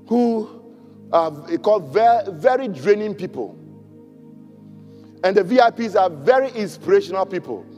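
A man preaching a sermon, reading scripture and leading prayers, swinging from loud cries to near murmurs. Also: big-room sound. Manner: preaching with dramatic swings in pitch and volume. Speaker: pastor.

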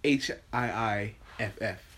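A man's voice: lowish voice, slow, fairly bright tone, a little hiss or hum. A man hosting a casual podcast chat, goofy and rambling, stumbling over his words. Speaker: podcast host.

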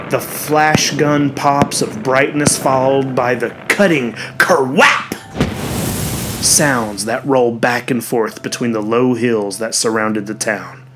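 A man narrating a story in a measured reading, giving the characters their own voices. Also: mid-range voice. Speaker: audiobook narrator. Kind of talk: scripted narration.

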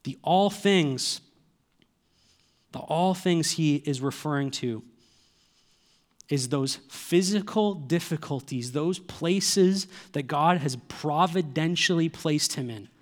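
A man's voice: on the high side, slow. A man, preaching a sermon earnestly and asking the listeners rhetorical questions. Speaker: pastor.

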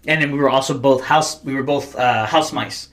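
A man's voice: medium pitch, normal speed, fairly bright tone. A man in his thirties, a podcast host, telling stories in casual, profane, slangy chat. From United States.

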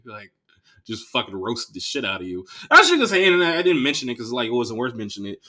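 Man, young adult, from the Bay Area, podcast host, casual storytelling, profane, animated, bright forceful voice. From Bay Area, California. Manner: loose, profane, animated storytelling with quick jumps in pitch.

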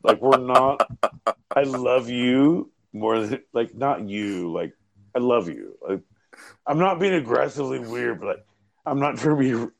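A man's voice: mid-range voice, animated, a little slow, creaky. A man co-hosting a live podcast, rambling, joking and swearing in loose casual banter. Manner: rowdy, profane, rambling, joking. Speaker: podcast co-host.

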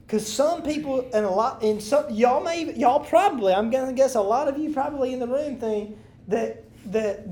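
Lady teaching bible study to a room, reads verses out strong then chats it through, kinda high voice. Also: dark tone. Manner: reads scripture aloud emphatically, then explains in loose casual talk with restarts. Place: room with a group of listeners.

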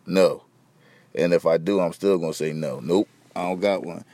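A man's voice: low voice, fairly even intonation, moderate pace, mellow, no room sound. A young man hosting a podcast, rambling in loose, slangy, profane casual chat. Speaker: podcast host.

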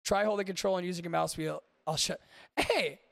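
A man hosts a podcast in loose, rambling banter and swears freely. His voice is high for a man and gravelly. The sound is close and dry. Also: steady tone, fast, fairly bright tone, no echo. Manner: rambling, swears freely, talks to live chat. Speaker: podcast host. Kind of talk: casual profane chat.

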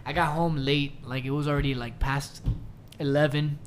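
A man's voice: on the high side, fairly even intonation, moderate pace, a little hiss or hum. A young man co-hosting a podcast, telling stories in a laid-back, swearing, laughing way. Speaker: podcast co-host. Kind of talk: casual chat.

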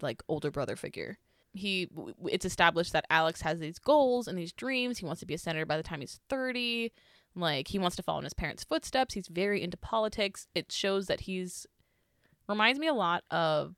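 A woman's voice: lowish voice, animated, moderate pace, a bit bright, no echo. Young female co-host, chatty and giggly, dry close-mic sound. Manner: chatty, laughs often, trails off mid-sentence. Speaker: podcast co-host. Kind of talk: casual book chat.

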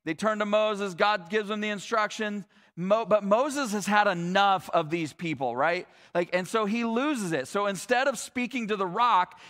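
Male pastor with a higher-pitched, conversational preaching style. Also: moderate pace. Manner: conversational and animated, with casual asides. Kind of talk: sermon.

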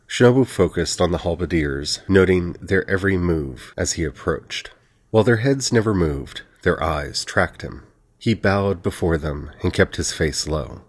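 Deep, husky male narrator. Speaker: audiobook narrator. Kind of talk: scripted fantasy narration.

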